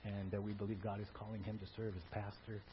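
A man working as a pastor, making an animated church announcement with plenty of fillers and restarts. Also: on the low side, fast. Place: church sanctuary. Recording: dull lo-fi church audio, faint hum.

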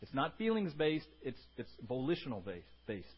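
A man's voice: medium pitch, big pitch swings, moderate pace, slightly rough, dull audio. A man preaching a conversational sermon to his congregation, joking and calling on people by name. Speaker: pastor.

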